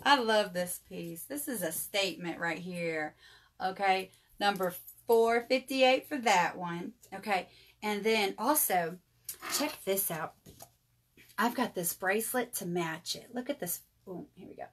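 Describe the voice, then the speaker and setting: A woman's voice: mid-range voice, lively intonation, unhurried, a bit bright. A woman, hosting a casual live jewelry sale and chatting to viewers. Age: 30s. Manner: chatty, addresses viewers as y'all. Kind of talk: casual live sales chat.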